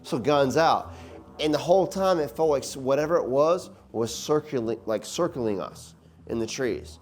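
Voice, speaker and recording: A man's voice: medium pitch, expressive, normal speed, a little mellow. A man in his thirties, a rowdy guest telling profane stories in casual chat. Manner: rowdy, profane, laughing storyteller.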